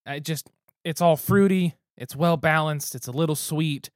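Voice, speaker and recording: A man's voice: fairly high pitch, moderate pace, dry recording, studio quality. A man hosting a casual podcast, talking in an easygoing, descriptive, good-humored way. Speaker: podcast host.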